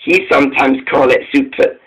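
A man's voice: medium pitch, moderate pace, fairly bright tone, natural voice, poor audio. A man voicing a chatty male engine passing on station gossip in a storybook tale. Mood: gossipy.

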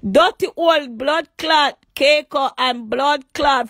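A woman with a Jamaican accent ranting on a phone livestream, crude and taunting, repeating insults and sometimes shouting. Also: high voice, takes it slowly, hardly any pauses, no room sound, clean studio sound. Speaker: livestream host. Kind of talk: angry livestream rant.

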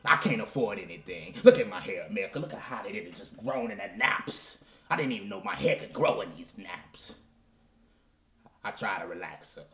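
A man's voice: lowish voice, animated, normal speed, a bit bright, echoey room. A man playing a washed-up, self-pitying male soul crooner in a comedy character monologue, melodramatic and pleading, dropping at times into whispers. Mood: wounded, pleading. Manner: melodramatic, pleading, addresses the audience, drops to whispers.

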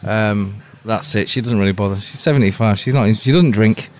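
A man's voice: lowish voice, brisk. A man from Manchester telling stories in a dry, wry, casual way, often swearing, as a podcast guest. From Manchester, England. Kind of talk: casual chat.

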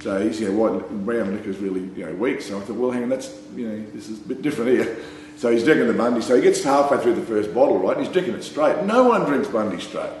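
A man's voice: fairly low pitch, animated, quick pace, a little mellow. A man with an Australian accent telling a casual anecdote, rambling with fillers and breaking into laughter. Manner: rambling, laughing, full of "you know" and "mate". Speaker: storyteller. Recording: very echoey room with faint hum.

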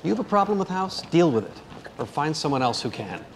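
A man's voice: on the high side, sing-song, brisk, gravelly. An actor playing an exasperated doctor who says he has a headache and talks blunt and tired. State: headache, strained. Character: weary male doctor and friend, exasperated.

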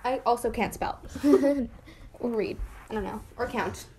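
A woman's voice: fairly high pitch, measured pace, warm tone, slight background noise, poor audio. A woman co-hosting a casual chat, playful and self-mocking, laughing often. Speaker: co-host.

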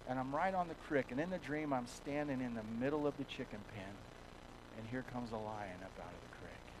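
A man preaching a sermon as a pastor in a church, telling a folksy story and swinging between hushed and loud passages. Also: mid-range voice, fairly quick, background noise.

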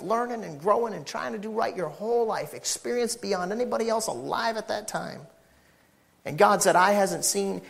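A man in his thirties preaching a sermon as pastor of a church, animated and joking with the congregation, dropping to quiet asides and rising to shouts. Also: sits high, vocal fry. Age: 30s. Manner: jokes with the congregation. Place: church sanctuary.

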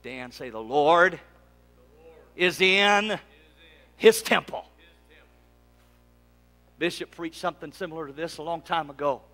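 High-voiced preaching man, church reverb. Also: a little slow, long pauses. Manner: preaching, calling for congregation responses; swings from loud emphatic lines to quiet asides. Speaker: lead pastor. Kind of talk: sermon. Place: church sanctuary. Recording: long reverb of a church sanctuary.

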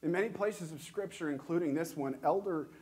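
A man with a somewhat high voice preaches a sermon in a church. He talks earnestly and measuredly, posing question after question and leaning on his pauses. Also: darkish tone, slightly rough. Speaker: pastor.

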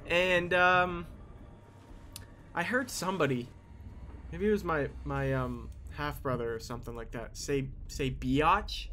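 A young man playing a video game and commenting casually, swearing often and yelling at the game. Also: a little high, a little slow, long pauses, slight background noise. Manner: animated, swears a lot, yells at the game. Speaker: gaming YouTuber. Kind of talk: casual let's-play commentary.

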